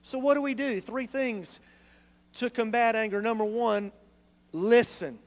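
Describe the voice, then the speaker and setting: A male pastor, preaching a sermon in a church in an animated, conversational way full of rhetorical questions. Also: very high voice, moderate pace.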